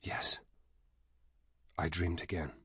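A man's voice: low-pitched, level tone, slow pace, husky, dry recording, studio quality, heavily acted. A man voicing a haunted, grieving man. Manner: quiet, weary storytelling. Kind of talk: audiobook character voice.

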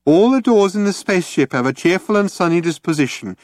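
A man voicing a gloomy, depressed male robot in a low, hopeless drone. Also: animated, fairly quick, a little mellow, no room sound, clean studio sound. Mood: mocking.

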